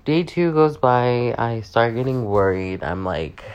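A man's voice: mid-range voice, lively intonation, a little slow, clear, resonant tone, highs cut off. A young man with a sore voice, chatty and sassy, swearing freely as he rants in a casual vlog. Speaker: vlogger.

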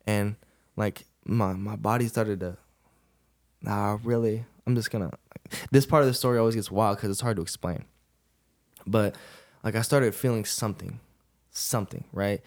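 A man's voice: lowish voice, steady tone, moderate pace, a little mellow. A young man, a podcast guest, telling a personal story in a casual, laid-back way, often laughing and saying "bro".

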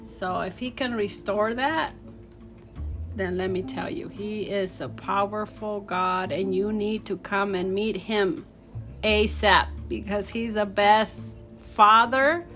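A woman's voice: medium pitch, takes it slowly, over music. A woman in her forties fervently telling a personal faith testimony in an interview, acting out the voices in her story. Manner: fervent, animated storyteller who acts out quotes. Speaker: guest sharing her testimony.

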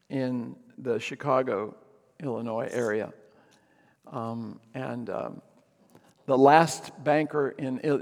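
Gravelly-voiced male pastor preaching. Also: mid-range voice, in a large hall. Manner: storytelling with frequent ums and restarts. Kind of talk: sermon.

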